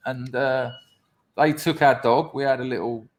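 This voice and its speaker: A man's voice: medium pitch, fairly even intonation, a little slow. A man, a podcast guest telling his story candidly and bluntly, swearing often and acting out what others said. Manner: blunt, sweary storytelling, acts out quoted voices.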